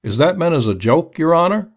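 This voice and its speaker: A man voicing a wisecracking convict who jokes in a bland, deadpan way. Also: a little high, fairly quick, voice pushed up. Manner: bland, joking.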